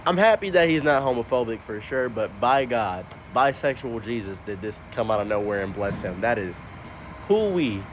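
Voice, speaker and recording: A man telling a comic story about his family in a casual, wry, deadpan way. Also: medium pitch, moderate pace, a little hiss or hum. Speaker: commentary storyteller.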